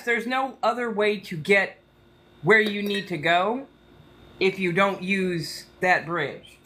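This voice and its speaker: A woman's voice: medium pitch, slow pace, a bit bright. A woman hosting a casual livestream, ranting heatedly with lots of swearing and a slight Southern accent. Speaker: tarot livestream host.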